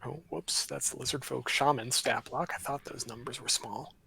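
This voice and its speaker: A man running a tabletop game as game master, talking in a relaxed, rambling way with fillers. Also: medium pitch, normal speed, gravelly, a crowd in the background.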